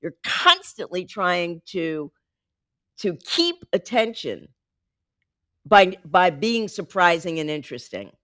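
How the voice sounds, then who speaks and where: A woman who coaches executives on speaking, talking with lively, emphatic emphasis in a podcast interview. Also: fairly low pitch, takes it slowly, no room sound, studio quality. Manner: lively, emphatic, teaching by example. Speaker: executive communication coach, guest.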